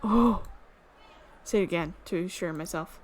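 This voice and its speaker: A woman's voice: lowish voice, moderate pace, darkish tone. Amused woman reading a story game aloud. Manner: amused, reads with frequent laughs. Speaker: streamer reading a visual novel. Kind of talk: reading a visual novel aloud.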